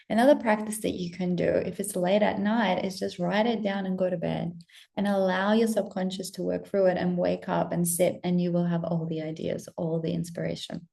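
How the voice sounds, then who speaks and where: A young woman coaching her audience in a candid, spontaneous pep talk, swearing freely and dropping at times into soft whispers. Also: fairly low pitch, fairly even intonation, moderate pace, vocal fry. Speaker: spiritual coach and vlogger. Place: indoors while traveling.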